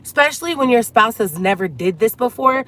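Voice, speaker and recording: A woman's voice: fairly high pitch, expressive, fairly quick, fairly bright tone. A woman from a Cuban family, upset and near tears, venting to her viewers in an emotional storytime vlog, talking to them like girlfriends. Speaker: vlogger.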